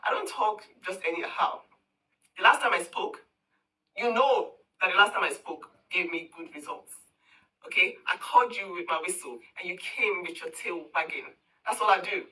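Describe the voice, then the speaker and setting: A woman's voice: on the low side, animated, normal speed, bright, forceful tone, recorded from a distance, low-quality recording. A woman ranting straight to camera in a scornful, confrontational, taunting way. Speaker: social media commentator. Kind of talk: heated direct-to-camera rant.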